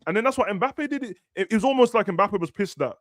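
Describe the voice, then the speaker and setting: Animated young man, dry sound. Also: high-pitched, fast, dry recording. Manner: animated, slangy, acts out players' words. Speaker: football podcast host. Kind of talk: casual chat.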